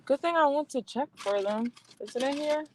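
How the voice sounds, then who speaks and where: Sitting in her parked car, a young woman with a high voice vlogs at normal speed, chatting to viewers in a flustered way and swearing often. The audio is poor, with noticeable background noise.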